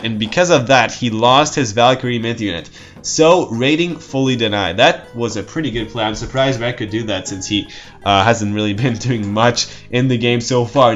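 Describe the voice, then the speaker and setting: A man's voice: mid-range voice, a bit bright, highs cut off. A man giving casual, rambling game commentary, joking and breaking off with nervous laughs. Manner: rambling, jokey, self-interrupting with nervous laughs.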